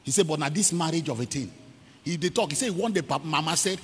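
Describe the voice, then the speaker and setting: Nigerian evangelist, high husky voice, big echoey church, does all the voices in his story. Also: fast. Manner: acts out quotes, leads shouted prayers, mixes in pidgin. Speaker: evangelist preacher. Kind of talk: sermon with storytelling and prayer. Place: large church hall.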